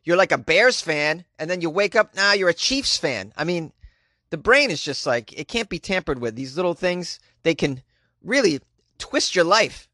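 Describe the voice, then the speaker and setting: A man's voice: a little high, very animated, normal speed, sharp tone, no echo, clean studio sound. A man with a Boston accent, riffing in comedic commentary, rambling and incredulous.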